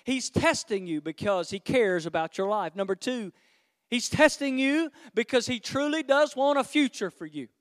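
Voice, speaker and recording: A man's voice: very high-pitched, expressive, normal speed, fairly bright tone. A man preaching a sermon as pastor, emphatic and stretching key words for effect, in a church. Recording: long hall reverb.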